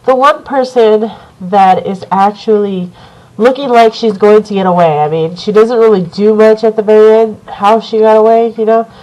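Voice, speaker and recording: A woman giving a casual video review of a horror film, rambling and excited, swearing often and full of fillers. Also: medium pitch, moderate pace, dull audio. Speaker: movie reviewer.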